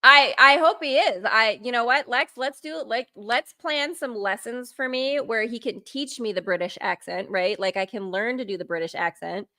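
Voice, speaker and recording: Bubbly bright-voiced female co-host. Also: on the high side, moderate pace, hardly any pauses. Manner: bubbly, enthusiastic, playful. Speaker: guest co-host. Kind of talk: casual podcast chat.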